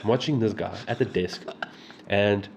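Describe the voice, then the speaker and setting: A man's voice: lowish voice, moderate pace, creaky, heavy background noise. A South African man co-hosting a podcast in casual chat, retelling everyday frustrations in an exasperated way. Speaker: podcast co-host.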